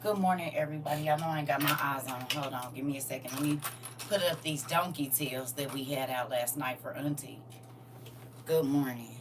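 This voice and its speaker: Low-pitched middle-aged woman, chatty livestream host, greets viewers by name, laughing often, slightly off-mic, faint hum behind. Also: distant mic. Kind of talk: casual morning livestream chat. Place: at home.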